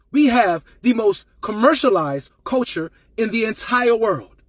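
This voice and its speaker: A man's voice: sits high, dry recording. A man giving an impassioned commentary with an emphatic, repetitive preaching cadence. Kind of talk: impassioned rant to camera.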